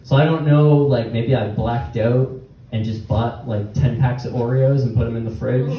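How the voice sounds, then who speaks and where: A young man doing a rambling stand-up set with halting restarts and nervous laughs before a small live audience. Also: mid-range voice, fairly even intonation, warm tone. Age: young adult. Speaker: stand-up comedian. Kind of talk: open-mic stand-up set. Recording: very echoey room, distant mic, faint noise.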